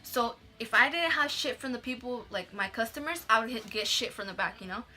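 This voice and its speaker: A young woman tells a story on her vlog in a casual, chatty way. She swears freely and says "like" constantly. Her voice sits a little high and sounds very bright and sharp, with faint music behind her. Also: lively intonation, fairly quick. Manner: mixes in Spanish words. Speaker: vlogger.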